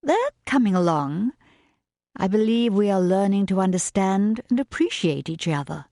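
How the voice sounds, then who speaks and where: A woman voicing a polite, composed young governess who speaks gently and earnestly. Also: mid-range voice, expressive, normal speed, no room sound, studio quality, close to an everyday voice.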